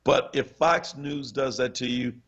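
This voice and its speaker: A man co-hosting a talk radio show, animated and laughing often as he talks. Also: medium pitch, a little slow. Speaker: radio co-host. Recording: dull lo-fi radio stream.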